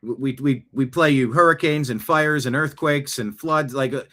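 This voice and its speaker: A man's voice: medium pitch, moderate pace, sharp tone. A man hosting a political talk show, speaking emphatically and repeating phrases for effect. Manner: emphatic, repeats phrases, acts out quoted voices. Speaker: show host. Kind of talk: opinionated political commentary.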